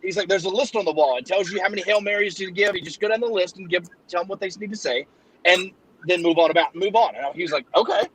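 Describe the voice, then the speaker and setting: Husky-voiced man rambling through a joke. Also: high voice, fast talker, fairly bright tone, rough recording. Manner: rambling storyteller, acts out voices. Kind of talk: casual joke-telling chat.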